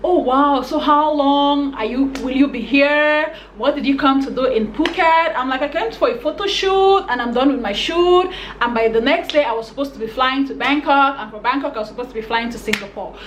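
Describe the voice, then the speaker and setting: A young woman from Cameroon tells a storytime on her vlog with a high, bright pitch, acting out every line of dialogue with animated exasperation. Her voice bounces around an echoey room, with a faint hiss of noise under it. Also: a little fast. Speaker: vlogger. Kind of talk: storytime vlog, casual retelling.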